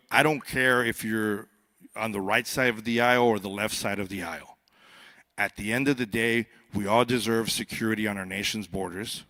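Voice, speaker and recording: A lowish, sharp-toned male voice belongs to a border patrol agent speaking at a youth summit. His on-stage conference speech to the live audience is conversational and full of jokes, and he often repeats words as a sentence gets going.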